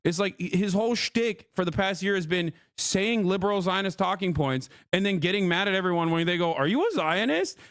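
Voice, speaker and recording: A man's voice: high voice, steady tone, brisk, few pauses, a bit bright, no room sound, clean studio sound. A man streaming live, angrily ranting with lots of swearing as he reacts to another creator. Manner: angry, profane, ranting. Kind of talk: heated reaction rant to live chat.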